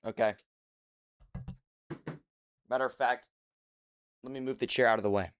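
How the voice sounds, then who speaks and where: A man's voice: mid-range voice, steady tone, moderate pace, pauses often, clear, resonant tone, no room sound, studio quality. A young man hosting a casual livestream, joking and playfully mock-serious, talking from a few feet back from his desk mic at his home setup. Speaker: livestream host.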